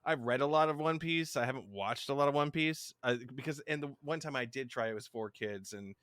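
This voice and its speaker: This male podcaster talks in a rambling, self-deprecating way, laughing a lot during a casual chat. His medium-pitched, fairly bright voice moves a little fast, captured dry with clean studio sound.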